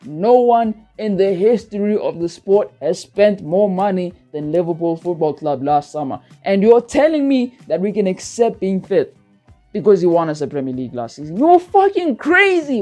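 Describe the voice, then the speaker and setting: A man's voice: high-pitched, lively intonation, normal speed, a little mellow, soft background music. A man hosting a football channel, ranting heatedly and profanely, repeating himself for emphasis. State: worked up, feels hot-headed. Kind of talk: heated football rant to camera.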